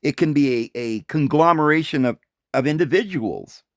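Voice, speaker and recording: A man giving an informal Bible commentary, animated and full of rhetorical questions and short chuckles. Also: fairly high pitch, moderate pace, dry recording, studio quality. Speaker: Bible teacher.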